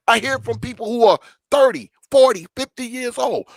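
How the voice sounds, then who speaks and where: A man's voice: very high voice, lively intonation, moderate pace, hardly any pauses, no echo. An older man, hosting a debate livestream in a profane, combative, emphatic rant. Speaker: debate show host.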